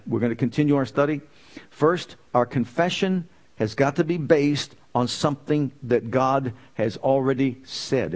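A man's voice: mid-range voice, a little mellow. A man preaching a sermon in an emphatic way, repeating key phrases with building intensity.

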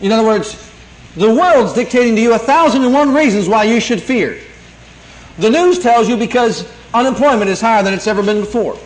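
A man's voice: very high-pitched, fairly quick. A man preaching a sermon, quoting scripture and repeating key lines with emphasis. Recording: echoey room, 1982 tape.

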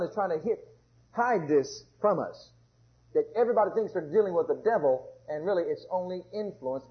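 A man preaching a sermon with fervor, going from loud exclamations down to low murmurs. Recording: muffled lo-fi sermon recording.

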